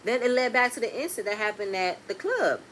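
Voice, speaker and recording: A woman recapping a reality TV episode in a casual, blunt, animated way, with speech. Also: on the high side, fast, a little hiss or hum. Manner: animated, blunt and swearing, swings between loud and quiet.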